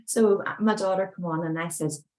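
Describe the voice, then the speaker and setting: Low-voiced woman telling a family story. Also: steady tone, a little fast, poor audio. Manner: chatty, anecdotal, acts out dialogue with gentle warmth. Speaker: spiritual medium and coach. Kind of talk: storytelling talk to an audience.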